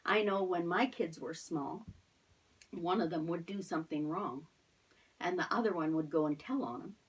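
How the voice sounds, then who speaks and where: Breathy, distant woman teaching Sunday school. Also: fairly low pitch, moderate pace. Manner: expressive storytelling with questions to children. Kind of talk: children's Bible lesson.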